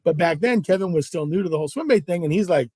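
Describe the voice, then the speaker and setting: Animated male storyteller, dry close sound. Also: a little high, fast, slightly rough, no echo. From Southern California. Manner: animated, acts out dialogue in stories. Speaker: guest angler. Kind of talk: casual storytelling interview.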